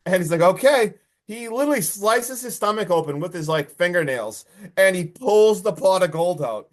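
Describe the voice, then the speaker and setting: Excited man recapping a horror film. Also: sits high, moderate pace. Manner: excited, swearing, acts out lines from the film. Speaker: podcast host. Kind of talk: casual movie recap.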